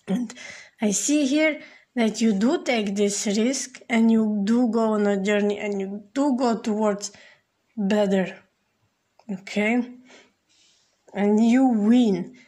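A woman's voice: a little high, slow pace, long pauses, mellow. A woman giving a casual tarot reading, speaking straight to the viewer and filling her talk with "like" and "you know". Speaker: tarot reader.

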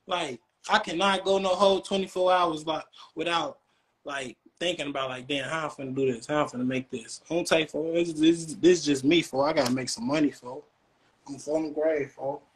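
A man's voice: fairly high pitch, normal speed. A young man from Chicago with a Chicago accent, ranting and taunting in casual livestream talk full of street slang. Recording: faint background noise.

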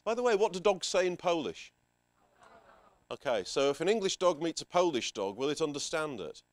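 A man presenting a workshop to a room of teachers, energetic and playful, giving instructions and making quick asides to the audience. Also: on the high side. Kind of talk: lively workshop talk to teachers. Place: conference room with a live audience.

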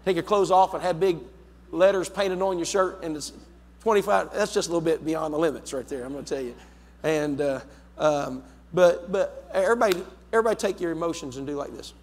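A man preaching a sermon as pastor, emphatic, repeating his words and swinging between loud and soft. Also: on the high side, a little fast. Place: church sanctuary. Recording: long hall reverb in a church.

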